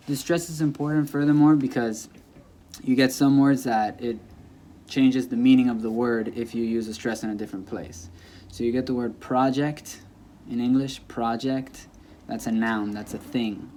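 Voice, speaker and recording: Mellow-voiced man teaching a language lesson. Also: mid-range voice, a little hiss or hum. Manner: explains by repeating example words with shifting stress, self-correcting. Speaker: Spanish teacher. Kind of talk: casual whiteboard lesson. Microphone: camera mic, no clip mic.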